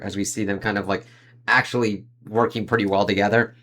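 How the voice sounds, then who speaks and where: A man's voice: lowish voice, little pitch movement, fairly quick, fairly bright tone. A young man giving a loose, casual spoken comic book review, peppered with swearing and "it's like" fillers, often reading the panels' dialogue aloud.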